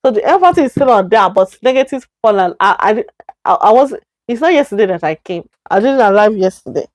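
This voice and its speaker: This live-streamed beginner Chinese lesson is taught by a woman with a Nigerian accent and an animated, mid-range voice. She slowly repeats vocabulary and catches her own errors. The audio has no echo.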